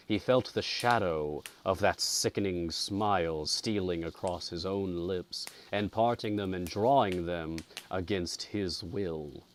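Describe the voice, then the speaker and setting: A male storyteller reading a ghost story in a slow, deliberate, atmospheric way. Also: sits low, a little hiss or hum. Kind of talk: scripted narration of a ghost story.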